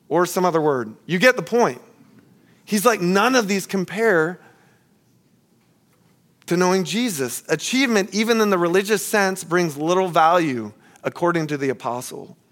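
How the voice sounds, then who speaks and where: A man's voice: high-pitched, fairly bright tone. A man preaching a sermon as pastor, earnest and emphatic, calling his listeners friends and repeating key phrases for emphasis. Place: church sanctuary.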